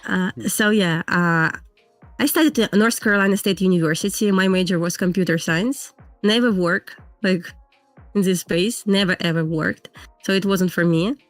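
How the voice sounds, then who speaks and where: A woman's voice: lowish voice, normal speed, dry recording, soft background music. A woman from Belarus with a Russian accent, a guest trader talking earnestly in casual interview chat over a video call. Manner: earnest, plain-spoken non-native English with frequent laughs.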